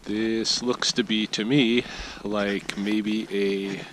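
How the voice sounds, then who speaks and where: A man with a somewhat low voice talks his way through a relaxed backyard vlog, musing aloud and circling back on his words. Outdoor ambience stays clearly audible behind him. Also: drawn-out words, noisy background. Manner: easygoing, thinks aloud with many fillers and restarts. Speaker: vlogger giving a weekly update. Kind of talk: casual rambling outdoor vlog.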